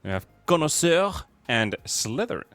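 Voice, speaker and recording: A man's voice: on the high side, normal speed, no room sound. A man casting a video game match, joking and playing with accents in his commentary. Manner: animated, jokey, plays with accents. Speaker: esports caster. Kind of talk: esports commentary.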